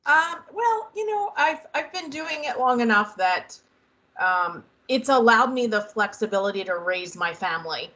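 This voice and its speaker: A woman's voice: a little high, big pitch swings, measured pace, sharp tone, rough recording. A woman in her fifties, a real estate agent speaking hesitantly and modestly in a video call panel interview, with many ums.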